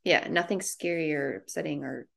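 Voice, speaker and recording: A woman's voice: sits low, moderate pace, gravelly. A woman in casual chat, reacting to a friend's story with frequent short affirmations and her own thoughts.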